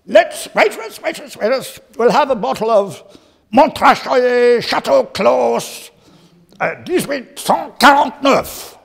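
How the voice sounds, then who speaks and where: A man putting on a pompous, high-pitched posh food critic. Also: lively intonation, a little slow, vocal fry, heavily acted. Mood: grand, fussy.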